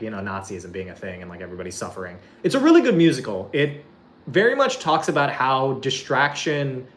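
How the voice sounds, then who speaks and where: A streamer talking loosely to their chat, voice swinging widely up and down in pitch. They ramble from one half-finished thought to the next, swearing freely and leaning on "like" constantly. The delivery is casual and unscripted. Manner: rambling, swears often, heavy use of "like"; laughs while describing a clip.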